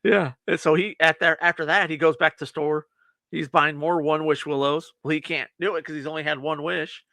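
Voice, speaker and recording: On a movie review podcast, this co-host recounts a film's story in a lively, casual way, performing the quotes himself and laughing frequently. His voice sits on the high side and is gravelly, at a normal speed with no echo.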